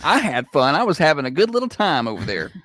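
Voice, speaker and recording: A man's voice: fairly high pitch, very animated, fast talker, a bit bright, no room sound, clean studio sound. A man co-hosting a morning radio show in a teasing, playful way. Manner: teasing, playful, often laughing. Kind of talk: casual on-air banter.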